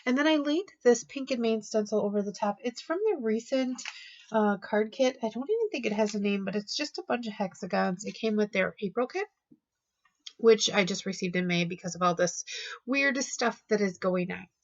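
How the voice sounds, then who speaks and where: Woman host, crafting voice-over, chatty and enthusiastic, mid-pitched voice, slightly muffled home recording. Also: moderate pace. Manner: chatty and enthusiastic, with fillers and restarts. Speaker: card-making channel host.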